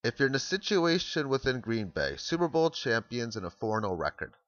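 A man's voice: mid-range voice, very animated, brisk, a bit bright, dry recording, dull audio. A man casually explaining football strategy, thinking aloud and restarting sentences as he walks through plays. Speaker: amateur football analyst.

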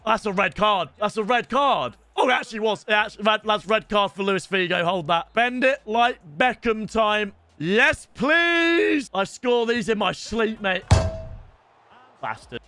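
A man's voice: high voice, moderate pace, soft background music. A young man, commentating casually on his own gameplay during a live stream and calling out to his viewers. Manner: excitable, shouts at goals, addresses viewers as lads. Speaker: gaming streamer.

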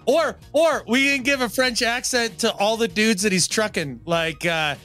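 A man's voice: high-pitched, moderate pace, pushed and bright, faint music behind. A man co-hosting a podcast, chatting loosely with frequent laughs and fillers. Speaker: podcast co-host. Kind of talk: casual podcast chat.

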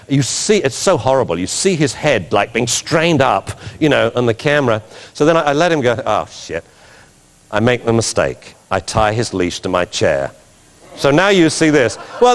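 A man giving an animated talk as a dog trainer, telling stories with laughter and mimicked sounds. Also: mid-range voice, long reverb tail. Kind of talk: animated anecdotal lecture.

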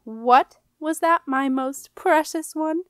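A woman's voice: fairly high pitch, unhurried, a bit bright, clean tone, no echo, clean studio sound. A woman putting on a screechy, haughty queen mother. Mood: falsely sweet. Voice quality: grating, screechy voice. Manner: falsely sweet, silky and menacing. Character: shrill, haughty, cruel middle-aged queen mother.

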